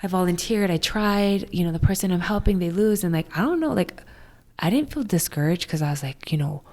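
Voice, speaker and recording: Chatty woman with a gravelly low voice. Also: quick pace. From Hawaii. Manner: animated, acts out quoted voices with high jumps; many fillers of "like". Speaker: guest. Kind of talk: casual storytelling interview.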